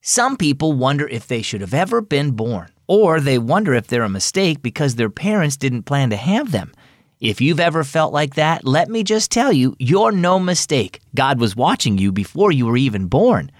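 A man hosting and reading a children's story in a gentle, reassuring way. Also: medium pitch, big pitch swings, normal speed, no echo, studio quality. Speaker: host and storyteller. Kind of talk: scripted story narration for children.

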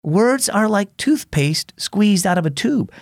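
A calm mother gives soft, reassuring advice in a storybook tale, as a man puts on her voice. She is pitched higher than a grown man would be, with a dry, close sound. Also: measured pace, gravelly, no echo, full character voice. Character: gentle, wise mother.

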